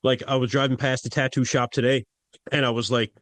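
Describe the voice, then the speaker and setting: A man co-hosts a podcast in a relaxed, joking way and stumbles over his words now and then. The recording is dry, with no room sound. His voice sits at a middle pitch. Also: a little fast, dry recording. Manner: laid-back, joking, stammers. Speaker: podcast co-host. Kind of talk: casual podcast chat.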